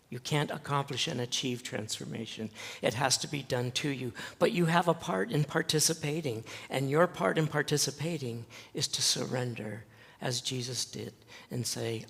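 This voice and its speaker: A male pastor preaching a sermon, telling a story slowly and earnestly with dramatic pauses. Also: medium pitch, creaky, fairly bright tone, husky. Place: church sanctuary. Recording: long church reverb.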